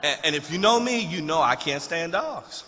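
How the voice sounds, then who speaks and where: A man's voice: a little high, expressive, normal speed, sharp tone, big-room sound. A man preaching a sermon as pastor, telling a story with stammered repeats in a rhythmic, impassioned cadence.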